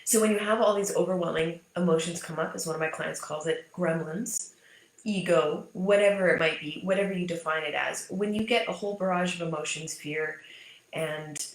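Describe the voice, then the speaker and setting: A woman in her thirties coaching her audience in a frank, animated, unfiltered way, cursing casually and hammering points home. Her voice sits a little on the low side, and the room around her rings with echo. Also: moderate pace. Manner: candid and animated, swears freely, emphatic repetition. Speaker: business mindset coach. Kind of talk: casual motivational talk to camera. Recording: echoey room.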